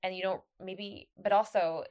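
A woman's voice: medium pitch, steady tone, moderate pace, darkish tone, clean tone. A woman co-hosting a podcast, talking in a loose, rambling way with many restarts. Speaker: podcast co-host. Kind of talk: casual chat.

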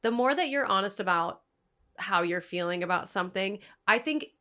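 A woman's voice: mid-range voice, expressive, brisk, bright, forceful tone. A young woman hosting a podcast, chatting casually and upbeat, with lots of filler words. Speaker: podcast host.

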